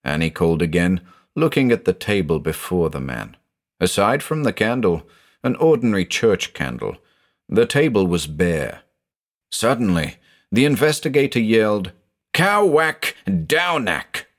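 A man narrating a scripted audio mystery drama in a dramatic, expressive storytelling manner. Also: low voice, normal speed.

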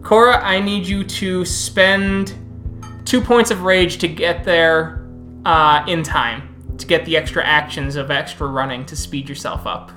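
A woman as storyteller, narrating a tabletop game in an unhurried, halting way. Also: deep voice, fairly even intonation, a bit bright, faint music behind.

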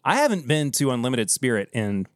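An upbeat man co-hosts a casual talk podcast, his voice sitting in a mid register. He pitches the show in a chatty way. The recording is dry and close, with no room sound. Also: sing-song, brisk, dry recording. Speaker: podcast co-host. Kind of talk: casual chat.

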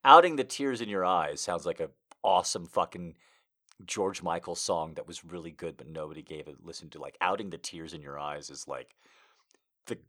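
A man's voice: low-pitched, sharp tone. A man reading amateur fiction aloud for laughs, mock-dramatic and sarcastic, with crude swearing asides. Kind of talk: comedic reading with mocking asides.

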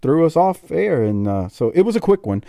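A middle-aged man with a Southern US accent hosts a casual wrestling review, talking in an animated way with laughs and repeated words. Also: on the high side, normal speed, creaky, no echo, studio quality. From Deep South, US. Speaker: podcast host.

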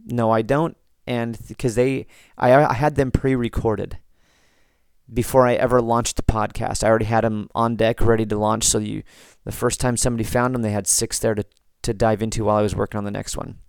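An American man hosting a podcast, reading listener comments and chatting in a relaxed, rambling way with frequent restarts. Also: lowish voice, brisk, clear, resonant tone, no echo, studio quality. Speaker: podcast host.

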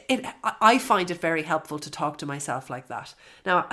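A woman's voice: low voice, animated, moderate pace, hardly any pauses, pushed and bright. A woman hosting a solo fitness podcast, talking frankly and chattily with swearing and plenty of fillers.

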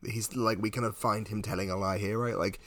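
A man's voice: fairly low pitch, steady tone, fairly quick, fairly bright tone, no room sound. Playful man in dry close-mic chat. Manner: interjecting, playful, acts out quotes. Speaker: podcast co-host. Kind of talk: casual film chat.

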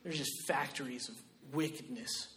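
A man preaching a sermon as pastor, shifting between loud, emphatic exhortation and quiet personal storytelling. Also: mid-range voice, moderate pace, slight background noise.

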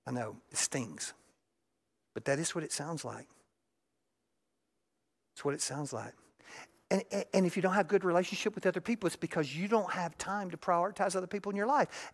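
A pastor giving a conversational sermon, shifting between soft asides and raised emphasis and acting out everyday voices. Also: medium pitch.

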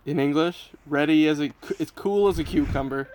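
A man's voice: a little high, a little fast, darkish tone. A man from Canada, hosting a podcast in a casual, friendly chat, teasing and playing along with jokes. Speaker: podcast host.

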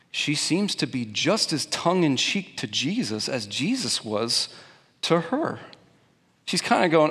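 A man's voice: medium pitch, long reverb tail. A young adult man preaching a conversational, emphatic sermon to a congregation, asking them questions. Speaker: pastor. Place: church sanctuary before a congregation.

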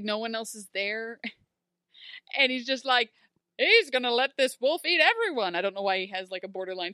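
A woman's voice: on the high side, a bit bright, smooth, no echo, clean studio sound. A woman co-hosting a podcast, recapping a TV episode in casual chat and acting out characters in exaggerated voices.

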